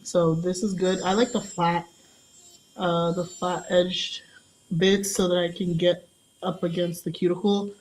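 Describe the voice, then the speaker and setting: A woman's voice: lowish voice, flat delivery, a little slow, a little mellow. A young woman nail artist giving a casual live tutorial, chatty and laughing at her own slips.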